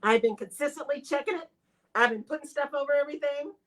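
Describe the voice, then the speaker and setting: A woman's voice: high voice, quick pace, a bit bright, low-quality recording. A woman hosting a live radio talk show, speaking expressively to her listeners and acting out her own inner voice.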